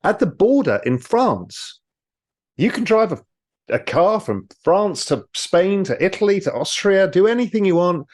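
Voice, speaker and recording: A man, a guest in an interview, explaining with lively storytelling. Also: high-pitched, measured pace. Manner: animated storyteller, mimics people in quotes. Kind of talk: casual interview talk.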